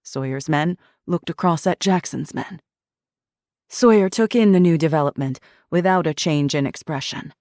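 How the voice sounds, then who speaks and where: A woman narrating a thriller audiobook in an even, measured reading. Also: low-pitched, no echo, studio quality.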